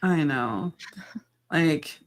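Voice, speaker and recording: Low-voiced laughing woman guest. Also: lively intonation, drawn-out words. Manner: laughing, storytelling, playful. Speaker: podcast guest. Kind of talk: casual chat.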